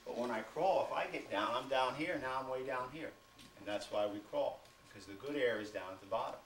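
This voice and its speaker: A man's voice: mid-range voice, a little fast, fairly bright tone. A man, a firefighter, patiently teaching fire safety to preschool children, asking them lots of simple questions. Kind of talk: classroom talk to small children. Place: preschool classroom. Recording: echoey room from far off, noisy.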